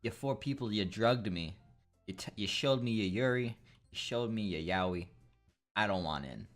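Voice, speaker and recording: Deep-voiced crude rambling young man. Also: animated, normal speed, soft background music. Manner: crude, rambling, jokey, swears a lot. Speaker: gameplay commentator. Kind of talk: casual gameplay commentary.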